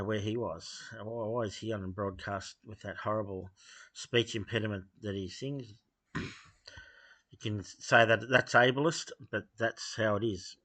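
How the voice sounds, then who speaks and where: Blunt, halting man with a bright voice. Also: lowish voice. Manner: blunt and dismissive, halting with many fillers. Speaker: video host giving opinions. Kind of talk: unscripted opinion monologue.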